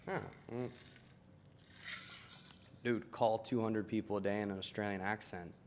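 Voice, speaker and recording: A man's voice: fairly low pitch, unhurried, slight background noise. A young man from Maryland chatting casually as a podcast guest, swearing and laughing as he tells stories. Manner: swearing, laughing, animated storyteller. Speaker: guest, tailor.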